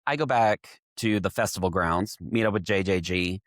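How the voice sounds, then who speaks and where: Low-voiced Texan winemaker guest. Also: male voice, normal speed, dry recording, studio quality. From Texas. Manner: steady, detailed storyteller. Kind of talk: casual chat.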